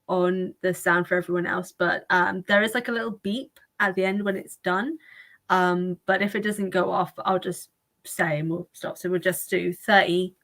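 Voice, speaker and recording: A woman's voice: medium pitch, a bit bright. A woman hosting a casual livestream chat, rambling and laughing often. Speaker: livestream host.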